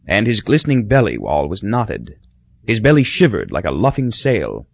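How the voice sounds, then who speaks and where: A man reading a novel aloud as audiobook narrator, expressive and storytelling. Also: mid-range voice, gravelly, slightly rough, no echo. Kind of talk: scripted narration. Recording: dull dry lo-fi recording.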